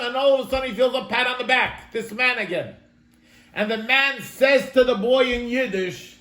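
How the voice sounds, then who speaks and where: A man's voice: very high-pitched, moderate pace, fairly bright tone, reverberant. A man, a rabbi, telling a story in an earnest, dramatic manner as he teaches a class. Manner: earnest, dramatic storyteller addressing listeners as "my friends". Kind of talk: storytelling sermon-style lesson. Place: home, online class.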